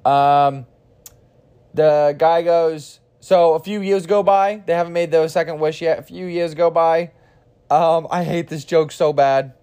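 A man's voice: on the high side, fairly even intonation, a little slow, mellow, smooth. A man in his twenties, tired and losing his voice, telling a joke in a rambling, self-deprecating podcast monologue with frequent restarts and casual swearing. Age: 20s. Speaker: podcast host.

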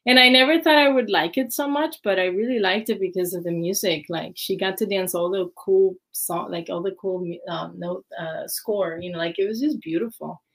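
Woman, interview guest, ballet dancer, chatty, animated, lots of "like" and "you know". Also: mid-range voice, normal speed, hardly any pauses. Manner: chatty, animated, acts out her own reactions. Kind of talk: casual interview storytelling.

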